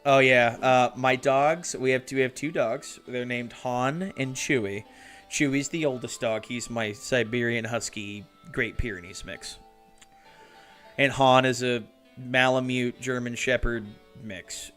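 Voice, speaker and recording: A man's voice: medium pitch, unhurried, fairly bright tone, soft background music. A man hosting a hobby build live stream, chatting casually, swearing and laughing often, and reading chat messages aloud.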